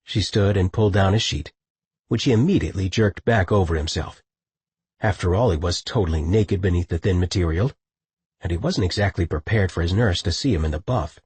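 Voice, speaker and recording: A man narrating a novel in a steady, measured manner. His voice is low and very husky, recorded close and dry with no room echo. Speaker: audiobook narrator. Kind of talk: scripted narration.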